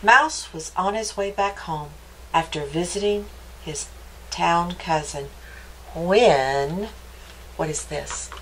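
A woman reading a picture book aloud to children for a library storytime, stopping often to ask them gentle, playful questions. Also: lowish voice, slow, a little hiss or hum, low-quality recording.

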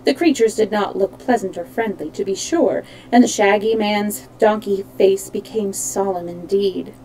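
A woman's voice: medium pitch, normal speed, warm tone, poor audio. A woman reading a children's storybook aloud, animating the characters and correcting small slips as she goes. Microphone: streaming microphone.

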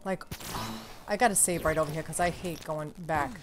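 A woman hosting casual let's-play commentary, excitable and swearing loudly at the game. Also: low-pitched, moderate pace, noisy background. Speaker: gameplay host. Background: game music.

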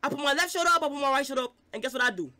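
A young man with a high, bright, edgy voice talks loudly and excitably while streaming live. He trades rough, profane banter with his chat at full energy. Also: racing.

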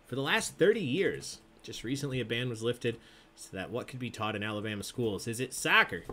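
A man's voice: a little high, a bit bright. A man hosting a live trivia game in a casual, playful way, laughing often as he reads questions and answers. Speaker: trivia host.

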